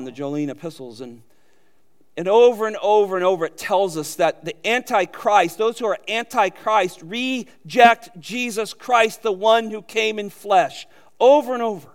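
High-voiced man preaching a sermon. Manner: preaching with rising emphatic peaks and quiet low asides. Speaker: pastor.

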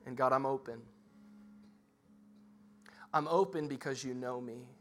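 A man preaching a sermon in a church, talking conversationally and climbing into loud, excited bursts. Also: medium pitch, unhurried, soft background music. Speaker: pastor.

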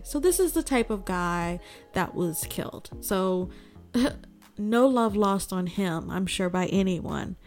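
A woman hosting a political news commentary, talking sarcastically and throwing out rhetorical questions to her viewers. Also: mid-range voice. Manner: sarcastic, asks rhetorical "guess what" questions. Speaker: host.

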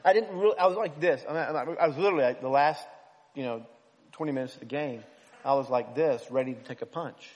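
Animated pastor telling a story in a reverberant hall. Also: male voice, medium pitch, quick pace. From United States. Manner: animated, self-deprecating storyteller. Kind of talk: storytelling sermon.

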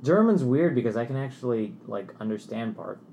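A man's voice: mid-range voice, animated, fairly quick, vocal fry, warm tone, a little hiss or hum. A man in a casual chat, rambling and hesitant, with many fillers and restarts.

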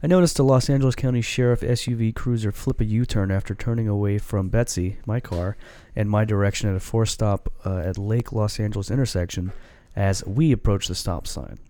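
A man's voice: fairly low pitch, a little fast, dark tone, dry recording. A man hosting a casual chat, reading a story aloud in an amused, laid-back way and swearing casually.

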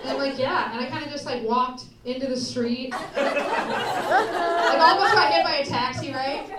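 An American woman telling a story on stage as stand-up, animated and laughing through her lines. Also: sits high, measured pace, very noisy. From United States. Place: live show before an audience. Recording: live venue, roomy, distant mic, loud crowd.

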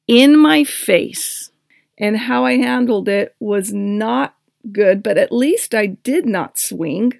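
A woman hosting a podcast, telling a personal story and giving self-help advice in a candid, expressive way. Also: fairly high pitch, gravelly, dry recording, clean studio sound. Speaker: podcast host.

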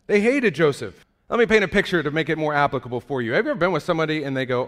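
Male pastor, conversational sermon, rhetorical questions, fairly high voice, long hall reverb. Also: lively intonation, rapid-fire, a bit bright.

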